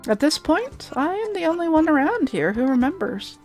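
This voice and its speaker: A woman reading the lines of an elderly woman tailor with aching hands, in her own plain voice, calm and reminiscing. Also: high-pitched, normal speed, soft background music, voice pushed up. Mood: wistful.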